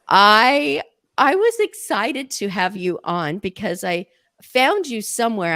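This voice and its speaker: An older woman hosts a casual interview, an eager and chatty storyteller. Her voice sits at an ordinary pitch and is recorded close and dry, with no room sound. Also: a bit bright, dry recording. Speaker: podcast host.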